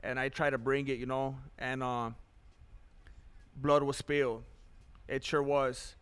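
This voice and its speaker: A male fighter answering questions in a post-fight interview, measured and matter-of-fact. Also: mid-range voice, level tone, a bit bright, clear, resonant tone.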